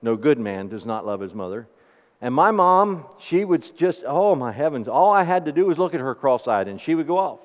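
A man preaching a sermon, asking the congregation questions and telling homely stories in an animated way. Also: a little high, normal speed. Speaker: pastor. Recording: dull recording with long hall reverb.

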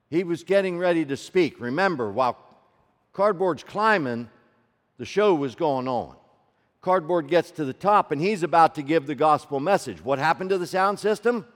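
A man preaching a sermon as a story, swinging from loud peaks to hushed low tones and asking the audience rhetorical questions. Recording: long reverb of a large hall.

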